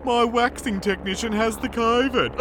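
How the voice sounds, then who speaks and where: A man's voice: very high voice, moderate pace, fairly bright tone, a little hiss or hum. A man with an Australian accent playing a camp, gossipy weather presenter in a comedy sketch. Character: camp chatty older male weather presenter.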